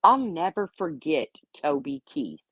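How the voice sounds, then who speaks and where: A woman's voice: sits low, very animated, unhurried, husky, dry recording, dull audio. A middle-aged woman telling candid stories in a casual way, swearing freely and acting out what people said. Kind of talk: casual storytelling.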